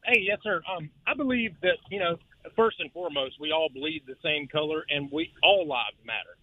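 A man's voice: on the high side, lively intonation, moderate pace. A man calling in to a radio show, agitated and stammering as he talks. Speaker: caller. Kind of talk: phone-in radio call. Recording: tinny phone line.

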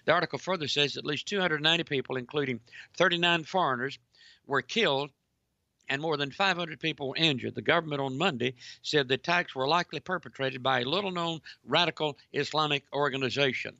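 A man's voice: on the high side, a little fast, vocal fry, dry recording, lo-fi sound. A man delivering emphatic, preachy commentary, reading news articles aloud and addressing listeners directly. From United States. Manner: preachy, emphatic, repeats "ladies and gentlemen".

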